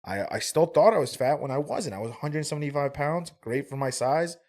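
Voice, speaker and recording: A man's voice: fairly high pitch, animated, fairly quick, darkish tone. A man in his twenties telling a personal story on a podcast, candid and rambling, swearing freely and filling his talk with "like" and "right?". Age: 20s. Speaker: podcast guest. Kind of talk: casual storytelling.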